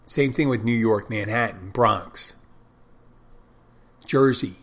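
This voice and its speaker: A man's voice: lowish voice, slow, fairly bright tone. Man rambling through a casual monologue. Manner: rambling, self-interrupting, conversational.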